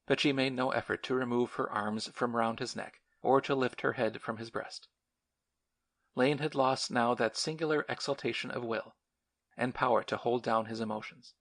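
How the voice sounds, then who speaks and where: A man narrating a novel as an audiobook, in measured, dramatic storytelling. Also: mid-range voice, fairly even intonation, gravelly, fairly bright tone. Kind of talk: scripted narration.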